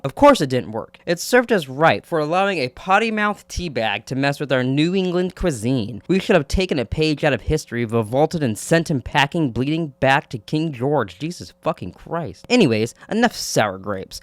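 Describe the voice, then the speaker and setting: A man's voice: a little high, very animated, moderate pace, no echo. A young man hosting a reaction video, reading a letter aloud and breaking off into sarcastic, profane asides.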